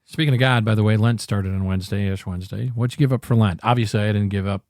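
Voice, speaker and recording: A man's voice: on the low side, fairly even intonation, fast talker, darkish tone, no room sound, clean studio sound. A man hosting a podcast, ranting angrily about politics, swearing freely and rambling with frequent restarts. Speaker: podcast host. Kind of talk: profane political commentary rant.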